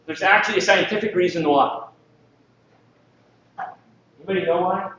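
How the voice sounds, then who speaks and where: High-voiced man presenting in an echoey hall. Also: moderate pace, pushed and bright, a little hiss or hum. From Philippines. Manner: jokey, asks the audience questions. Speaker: conference presenter. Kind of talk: live presentation talk. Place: conference hall. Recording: distant mic, echoey hall, dull sound.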